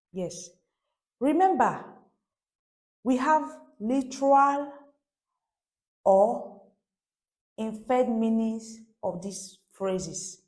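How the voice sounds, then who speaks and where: Woman teacher doing a french lesson, slow and warm, keeps asking "does it make sense". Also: fairly high pitch. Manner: repeats phrases and asks rhetorical questions. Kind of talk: language lesson for beginners.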